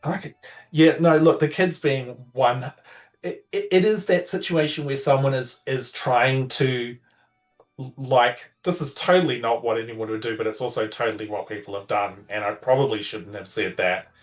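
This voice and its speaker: A man's voice: medium pitch, moderate pace. Guy running a tabletop game, chatty and loose, bit far off mic, faint music behind. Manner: loose, filler-heavy narration with laughs. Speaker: game master.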